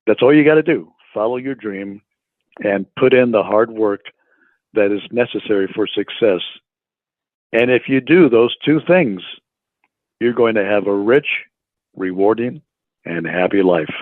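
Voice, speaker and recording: A man in his eighties, a guest being interviewed, speaking in a measured and hesitant way with frequent fillers. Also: fairly low pitch, no echo. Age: 80s. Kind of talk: interview conversation. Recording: tinny dry phone line.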